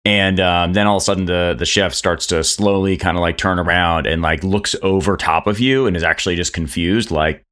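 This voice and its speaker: A man's voice: deep voice, steady tone, brisk, hardly any pauses, fairly bright tone. A man narrating a tabletop game as game master, rambling through scene description with many fillers.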